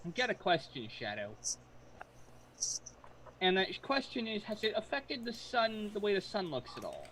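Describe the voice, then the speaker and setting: A woman with a bright, forceful voice tells stories in an animated, emphatic way. Her pitch swings widely as she leans into the key words, and she sounds full of energy. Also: normal speed, pauses often, slight background noise, rough recording. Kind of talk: casual chat.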